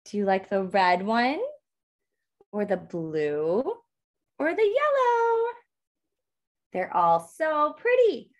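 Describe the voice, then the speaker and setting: A woman reading a picture book aloud to toddlers, animated and sing-song, gasping with excitement and asking the children questions. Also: medium pitch, slow. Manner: asks the children questions throughout. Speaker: toddler book club reader.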